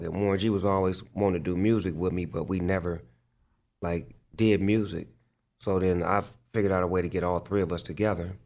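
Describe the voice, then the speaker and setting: Being interviewed, the rapper speaks in a low, slightly mellow voice. His storytelling is casual, profane, and loose, heavy with fillers and frequent "like."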